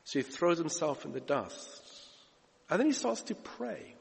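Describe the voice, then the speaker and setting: A man preaching a sermon, emphatic, moving between loud urgent lines and hushed ones. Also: a little high, very animated, a little slow, gravelly. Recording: reverberant hall.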